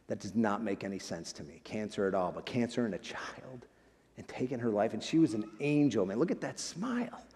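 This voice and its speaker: Man, guest preacher, heartfelt conversational sermon, mid-pitched, church hall reverb. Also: dark tone. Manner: emotional, conversational, often says "man" and "friends". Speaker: guest speaker. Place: church sanctuary. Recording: long reverb of a large hall.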